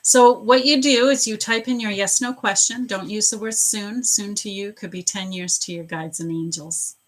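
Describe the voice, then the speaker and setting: Speaking at a moderate pace in a mid-range voice, a psychic reader on a livestream talks informally with her audience. She welcomes viewers by name and frequently starts her sentences over.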